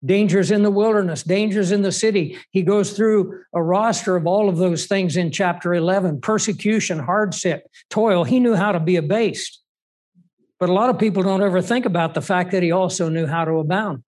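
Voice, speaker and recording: High-voiced man preaching a sermon. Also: moderate pace, darkish tone. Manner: emphatic, asks rhetorical questions.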